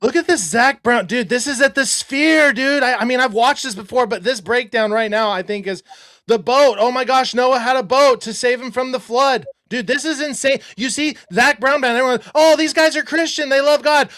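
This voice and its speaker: A man hosting a live talk show, excitedly breaking down theories, talking over himself and getting worked up to a yell. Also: very high voice. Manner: excitable, rapid, self-interrupting, gets worked up and yells. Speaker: show host. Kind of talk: excited conspiracy breakdown chat.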